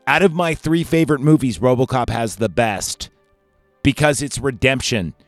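A man hosting a podcast, talking through his favorite movie endings in a rambling, excitable way and swearing often. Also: medium pitch, moderate pace, dry recording, faint music behind. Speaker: podcast host. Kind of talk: casual movie ranking chat.

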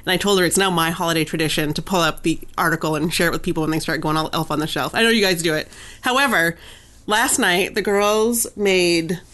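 A woman's voice: on the low side, brisk. A woman in her thirties co-hosting a podcast, telling family stories in a casual chat and acting out her children's voices. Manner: animated storyteller, acts out her kids' voices. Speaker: podcast co-host.

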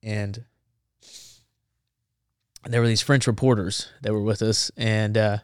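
Man, low-ish smooth voice, animated storyteller, dry close mic. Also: slow pace, long pauses, no echo. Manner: animated storyteller, acts out dialogue. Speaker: podcast guest. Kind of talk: war storytelling.

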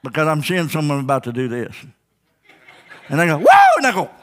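A man preaching a sermon as a pastor in church, fervent and folksy, with call-and-response "Amen?" and sudden shouts. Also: fairly high pitch, brisk. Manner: old-fashioned, down-home speech.

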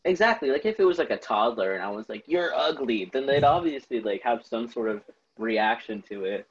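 A man's voice: medium pitch, animated, a little fast, husky, lo-fi sound. A young man chatting casually on a podcast, earnest and full of fillers. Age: young adult. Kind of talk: casual chat.

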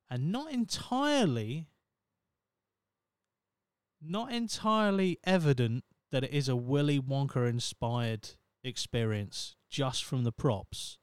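A man's voice: medium pitch, smooth, no echo, clean studio sound. Sweary man ranting on a podcast. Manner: ranting, sweary, sarcastic asides. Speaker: podcast host. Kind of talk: casual comedic commentary.

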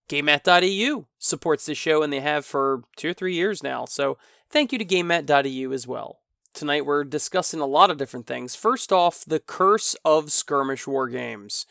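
Gravelly tipsy podcast host, rambling rant. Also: male voice, fairly high pitch, expressive, normal speed, a bit bright, dry recording, studio quality. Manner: rambling, exasperated ranting with self-interruptions. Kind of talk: casual solo podcast chat.

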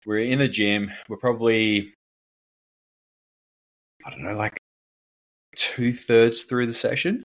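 A man with a fairly low voice tells a story on a casual podcast. He rambles and leans on filler words. He acts out the voices of the people in the story. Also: steady tone, slow, long pauses. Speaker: fitness coach and podcast co-host.

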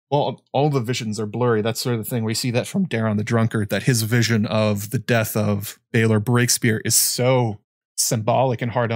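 A man's voice: mid-range voice, no room sound, clean studio sound. A man hosting a casual livestream about books, rambling with many fillers and restarts. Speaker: livestream host.

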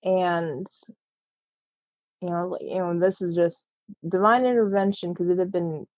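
A woman earnestly telling a personal story in a casual, halting way, with frequent fillers. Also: lowish voice, steady tone, no room sound, muffled recording.

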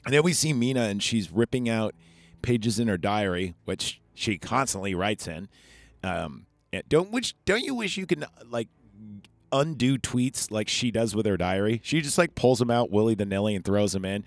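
Speaking at normal speed with lively intonation, a podcast host with a voice on the low side recaps a film in a casual chat. He rambles through fillers and asides, recorded on a podcast microphone with no room sound.

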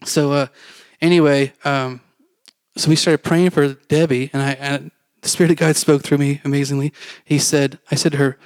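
A man's voice: fairly high pitch, steady tone, moderate pace, darkish tone, clean tone, no echo. A man preaching a testimony, telling his story in a rambling, conversational way with fillers and acted-out quotes.

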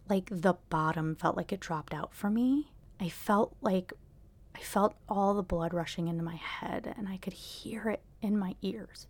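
A young woman hosting a podcast, telling a personal story in a halting way full of restarts and fillers, often dropping to a hushed whisper. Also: on the low side, no echo. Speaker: podcast host.

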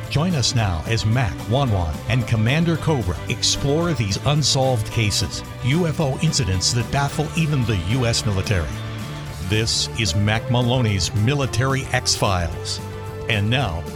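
A man reading a scripted, dramatic show intro as the announcer. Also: fairly low pitch. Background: music.

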